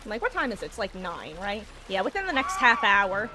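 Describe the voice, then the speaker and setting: A woman from the United States, chatting casually and rambling as she streams a game, often clearing her throat. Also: mid-range voice, very animated, brisk, background noise. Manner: rambling, chatty, self-correcting. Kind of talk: casual live-stream chat while gaming.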